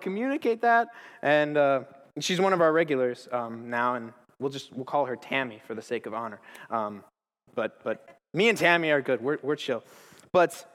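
A man's voice: fairly high pitch, a bit bright, in a large hall. A young man in his twenties giving a casual, enthusiastic church talk full of stories, slang and restarts. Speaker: speaker at a church gathering. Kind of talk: informal sermon with storytelling.

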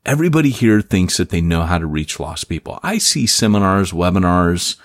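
A man with a low voice co-hosts a casual podcast, swinging his pitch all over as he jokes and laughs. The sound is dry and close. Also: brisk, dry recording. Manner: animated, joking, laughs often. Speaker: podcast co-host and author. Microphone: remote call.

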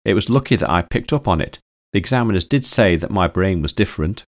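A man reading aloud, voicing a gentle, eager young woman who speaks telepathically in a soft, earnest way. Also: low-pitched, expressive, fast talker.

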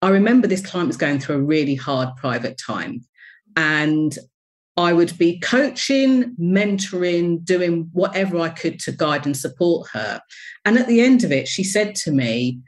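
A woman with a fairly low voice tells her story as an interview guest. She speaks candidly and expressively. Her tone is reflective. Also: lively intonation, a little slow. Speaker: interview guest, business coach.

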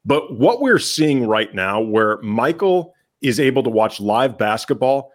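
A man co-hosting a radio podcast in a relaxed, joking chat. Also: medium pitch, a little slow. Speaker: host.

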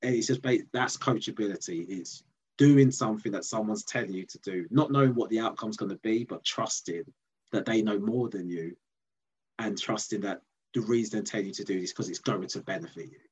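A man's voice: fairly low pitch, brisk, slight background noise. A man with an Essex accent, a comedian telling a story in an interview and acting out the voices of people he quotes. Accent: Essex English. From England. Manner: animated, acts out quoted voices. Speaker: guest comedian. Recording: dull lo-fi sound.

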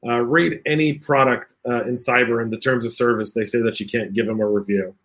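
A man hosts a live stream over a video call, reading viewer comments and reacting with laughs. His delivery is animated, and he acts out the voices of the people he quotes. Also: medium pitch, a little fast. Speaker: podcast host.

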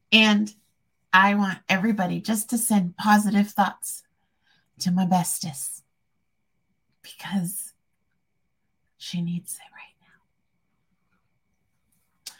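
A woman talking to camera in a rambling, heartfelt vlog, soft-spoken and a little tearful. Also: medium pitch, measured pace. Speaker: vlogger. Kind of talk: emotional personal vlog.

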